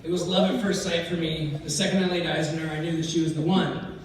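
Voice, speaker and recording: A man's voice: a little high, little pitch movement, fast, slight background noise. A man doing a stand-up comedy set, telling brash, profane stories and acting out the lines of others. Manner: brash, profane storytelling with acted-out quotes. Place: comedy club stage. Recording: echoey club from far off. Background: audience laughter.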